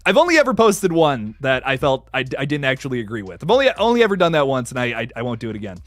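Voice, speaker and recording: Young man, live stream host, casual chat, lively swinging delivery, dry close sound. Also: mid-range voice, fast talker, no echo. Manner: animated, hypes up chatters, swears casually.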